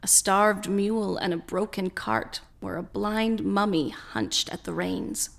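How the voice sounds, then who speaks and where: A woman narrating a scripted story in a slow, measured way. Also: medium pitch, very animated, creaky.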